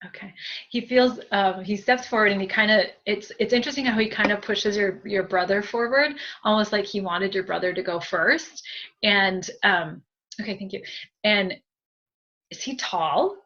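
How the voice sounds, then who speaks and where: A woman medium giving a group reading in a gentle, chatty way, with many fillers and soft thank-yous. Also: mid-range voice, normal speed, lo-fi sound. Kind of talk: spiritual reading, conversational.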